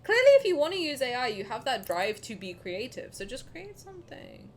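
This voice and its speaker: A woman streaming and chatting casually with her chat, animated and swearing freely, dropping to low mutters and then rising to loud outbursts. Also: fairly quick, a little hiss or hum. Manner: reads chat questions aloud and answers them.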